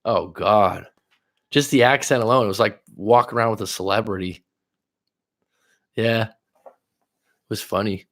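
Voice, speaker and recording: A Californian man hosts a relaxed live stream, reading out viewer messages and riffing on them. His voice sits low, with a gravelly, fry-heavy edge. He talks loosely and drifts between topics. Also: measured pace, long pauses. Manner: reads viewer comments aloud and answers them; loose, rambling, with fillers and restarts. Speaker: relationship coach hosting a live stream. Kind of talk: casual live-stream chat.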